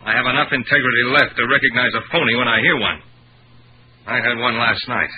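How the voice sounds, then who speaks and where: An actor playing a bitter, rebellious pianist in a vintage radio drama, speaking with sarcasm. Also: male voice, medium pitch, fast, close to an everyday voice. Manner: sarcastic, mocking. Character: bitter young male pianist, sardonic and rebellious. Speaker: Peter, a pianist. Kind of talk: 1940s radio drama acting. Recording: dull old radio recording with faint hiss.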